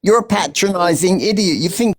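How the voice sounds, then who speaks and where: A man's voice: high-pitched, fairly quick. A man calling into a debate, arguing and interrupting. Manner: argumentative, interrupting. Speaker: caller.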